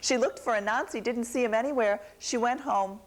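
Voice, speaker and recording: A woman telling a folktale to a young audience, animated and asking them questions. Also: fairly high pitch, fairly quick. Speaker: storyteller.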